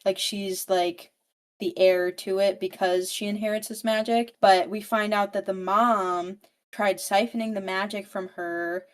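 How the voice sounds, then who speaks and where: A woman's voice: medium pitch, fairly even intonation, a little slow. A woman co-hosting a podcast, recapping a novel in casual, rambling chat full of "like" and swearing. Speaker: podcast co-host.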